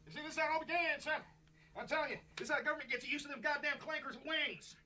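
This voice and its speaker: A man's voice: very high-pitched, rapid-fire, pushed and bright, slight background noise, pitched above the performer's own voice, heavily acted. A man doing a ranting cursing old war veteran. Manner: gruff, cursing, rambling war stories. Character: ranting old male time-traveling war veteran, crude.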